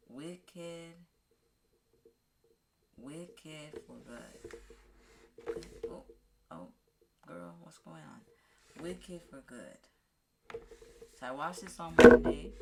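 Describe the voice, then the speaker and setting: A woman vlogger casually recapping a movie, rambling with halting restarts and fillers. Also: deep voice, vocal fry, very noisy. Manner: acts out characters' lines in a raised voice.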